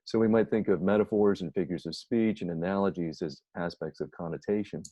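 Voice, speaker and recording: A man's voice: deep voice, brisk, mellow, dry recording. A middle-aged man lecturing to a class, explaining step by step and answering his own questions. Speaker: instructor. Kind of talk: recorded lecture. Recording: dull lo-fi recording.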